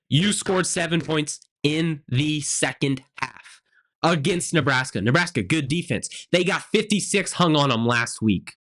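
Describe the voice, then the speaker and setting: An animated man hosting a college football reaction show. He talks in an emphatic, conversational way, repeating phrases to drive his points home, with a middle-range voice. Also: medium pitch. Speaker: sports show host.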